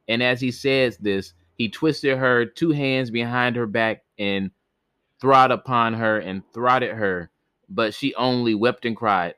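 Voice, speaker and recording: A man's voice: medium pitch, slow, pushed and bright, smooth, no echo. Man reading an old folk tale. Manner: plain reading with frequent stumbles and restarts. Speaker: podcast storyteller.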